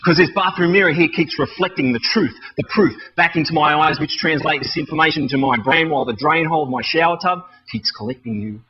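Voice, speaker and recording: A man's voice: fairly high pitch, fast, few pauses, dull audio. An Australian man in his thirties performing rhyming spoken-word poetry in a rhythmic, wry, self-mocking delivery. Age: 30s.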